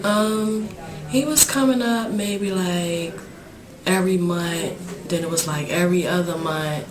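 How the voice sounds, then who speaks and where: A young woman in a prison interview talks in a soft, halting way, filling pauses with "like" and "um." Her voice rings off hard walls. A crowd murmurs behind her. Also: on the low side. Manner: soft, hesitant, fillers and "like". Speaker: incarcerated mother, interviewee. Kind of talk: documentary interview, casual talk. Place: prison visiting area. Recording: echoey room with crowd behind.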